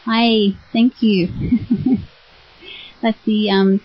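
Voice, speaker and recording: A woman with an Australian accent, a spiritual teacher greeting online listeners in a warm, chatty way and often laughing. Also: mid-range voice, fairly even intonation, extremely slow, husky. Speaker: spiritual teacher on internet radio. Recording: dull lo-fi web radio audio.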